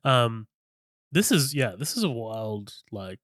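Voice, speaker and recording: A man co-hosting a casual film podcast, relaxed and laughing often, with many fillers. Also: medium pitch, slow pace, no echo, studio quality. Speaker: podcast co-host. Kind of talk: casual film-review chat.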